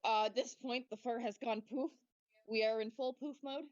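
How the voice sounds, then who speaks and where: A woman playing a tabletop game, speaking playfully and excitedly. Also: on the high side, moderate pace, no room sound. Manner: playful, exclaiming. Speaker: player. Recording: slightly dull audio.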